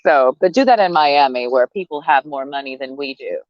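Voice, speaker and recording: A woman with a very deep voice vents a little quickly and with lively intonation, sitting under a tree outside and talking to the camera as a vlogger. Her casual rant is sarcastic and blunt, peppered with swearing and laughter between jabs. The recording is dry, dull, and lo-fi.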